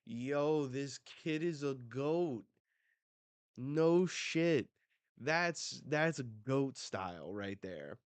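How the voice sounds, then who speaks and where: A man hosting a live manga reaction, excitable and full of casual slang and swearing. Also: mid-range voice, slow, hardly any pauses, dry recording. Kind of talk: live reading and reaction commentary.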